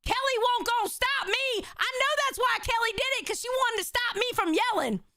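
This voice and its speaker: A woman hosting a livestream, talking loudly and profanely as she reads out chat messages. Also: very high-pitched, expressive, normal speed, dry recording, studio quality. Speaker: livestream host.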